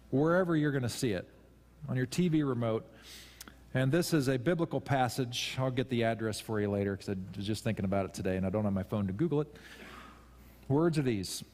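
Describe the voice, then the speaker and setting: A man's voice: medium pitch, darkish tone. A man preaching a sermon to his congregation, conversational and self-deprecating, with emphatic rises. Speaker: pastor. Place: church sanctuary. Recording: long hall reverb.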